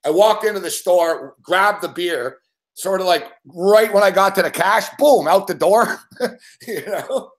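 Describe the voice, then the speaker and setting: A man with a fairly high voice spins a rowdy story in casual conversation, cursing freely and laughing between beats. His voice carries a noticeable echo, as if he is in a roomy space. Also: a little slow. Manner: profane, animated storyteller who laughs often. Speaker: show host.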